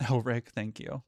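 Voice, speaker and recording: A man's voice: mid-range voice, a little mellow, no echo. Rambling man chatting on a live stream. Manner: rambling, self-interrupting, swears casually. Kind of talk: casual live-stream chat.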